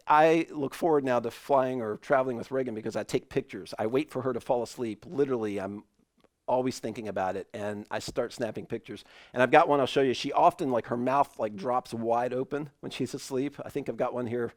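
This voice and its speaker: A man preaching an online sermon in a relaxed, conversational way, telling a family story with animated asides. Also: mid-range voice, normal speed, no echo, studio quality. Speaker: pastor.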